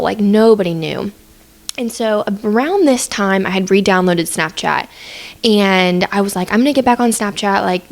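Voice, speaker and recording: A young woman hosts her own podcast from home and talks through a personal story. She speaks in a casual, earnest, candid way and leans on "like" as a constant filler. Her voice sits at an ordinary middle pitch. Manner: chatty, heavy use of "like", earnest and candid. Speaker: podcast host. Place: at home, seated on a couch.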